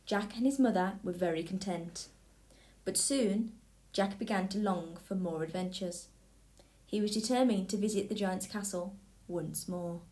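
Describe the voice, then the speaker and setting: Female narrator, mid-range voice, expressive fairy-tale reading. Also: medium pitch, a little slow. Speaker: storybook reader.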